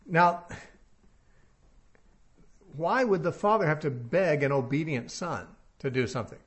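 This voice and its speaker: A man's voice: a little high, animated, unhurried. A man giving a verse-by-verse Bible teaching, reasoning aloud and putting rhetorical questions to his listeners.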